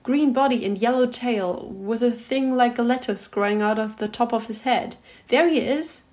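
A woman's voice: fairly high pitch, unhurried, a little mellow, close to an everyday voice. An old miser in a storybook reading, overcome with memory, his voice caught between laughing and crying, as a woman reads him. He speaks with fervor and a catch in his throat. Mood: ecstatic. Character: old miserly man, moved to tears. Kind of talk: literary reading.

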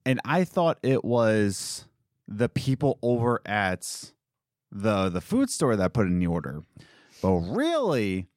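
A man's voice: fairly low pitch, very animated, slow, darkish tone, no room sound, studio quality. A young man, a coffee shop worker, venting in casual chat, rambling and exasperated, mocking the people he quotes.

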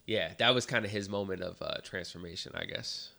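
Male podcast co-host, bright gravelly tone, relaxed swearing chatter. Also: low-pitched, a little fast. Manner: laid-back, swears freely, lots of filler words. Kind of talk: casual movie review chat.

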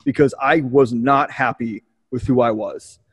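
A man's voice: mid-range voice, fairly even intonation, unhurried, slightly rough. A man hosting a podcast, telling a candid, emotional personal story in casual speech with frequent swearing. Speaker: podcast host.

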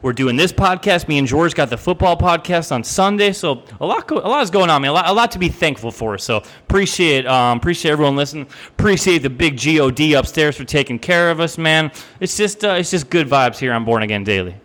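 A man's voice: a little high, lively intonation, a little fast, few pauses, fairly bright tone. A young man co-hosting a podcast, talking casually in a rambling, profane way with many restarts. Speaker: podcast co-host. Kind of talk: casual chat.

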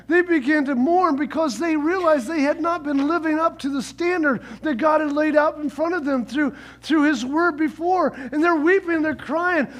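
A male pastor with a strikingly high voice delivers a sermon. He drives points home by repeating key phrases, rising to shouts and then dropping into calm, storytelling passages.

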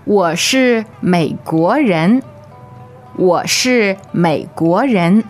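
A woman modelling phrases slowly and clearly as a co-teacher in a podcast lesson. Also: fairly low pitch, expressive, faint music behind. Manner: slow, clearly enunciated. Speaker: language teacher. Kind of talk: slow model pronunciation.

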